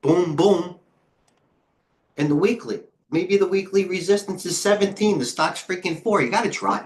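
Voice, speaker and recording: This middle-aged man's voice sits high and expressive, at normal speed with many pauses, as he hosts a live trading stream. He sounds out of breath, rambling, joking about himself, and muttering on the side.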